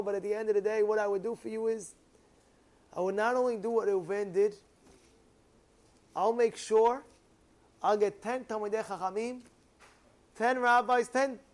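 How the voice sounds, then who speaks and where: A man's voice: sits high, a little mellow, close to an everyday voice. A man voicing a middle son who earnestly builds up a bigger offer than his brother's.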